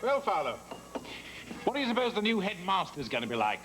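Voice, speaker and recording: A man's voice: high voice, big pitch swings, brisk, over music. An actor playing a stiff, polite male languages teacher. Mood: earnest.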